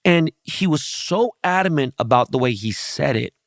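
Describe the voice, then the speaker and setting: A man's voice: fairly high pitch, animated, normal speed, no room sound, studio quality. A man hosting a podcast, telling stories bluntly and with a lot of swearing, often speaking straight to his audience. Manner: profane, blunt storytelling. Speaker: podcast host. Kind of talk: casual podcast conversation.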